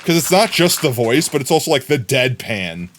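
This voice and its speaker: A man streams himself gaming, rambling goofily and riffing on silly words. His voice sits at an ordinary middle pitch yet swings up and down constantly. A faint noise hangs behind him. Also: big pitch swings, moderate pace, a bit bright. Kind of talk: casual live-stream chatter while gaming.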